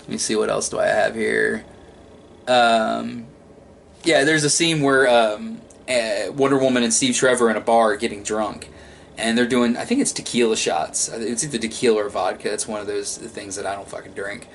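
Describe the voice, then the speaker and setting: A man casually reviewing an animated film, rambling and swearing, with frequent restarts. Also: fairly low pitch, normal speed, vocal fry, slight background noise.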